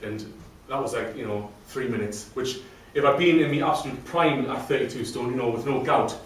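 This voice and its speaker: A man's voice: medium pitch, fairly quick, a little hiss or hum. A man telling his own story to a live audience, chatty and self-deprecating. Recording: very echoey room from a distant mic, faint ambience.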